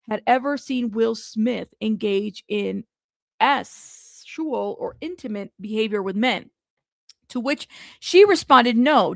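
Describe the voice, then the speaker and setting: A woman's voice: a little high, fairly bright tone, no echo, studio quality. A woman hosting a news commentary channel, reading a lawsuit aloud for her viewers and breaking into amused asides. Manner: reads legal text aloud, breaks into amused asides and laughter.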